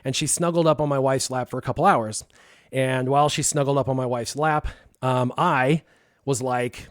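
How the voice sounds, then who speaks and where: A man on a live stream telling a long personal story in casual talk, acting out his own past lines with lively bursts. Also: medium pitch, normal speed, no echo, clean studio sound. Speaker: stream co-host.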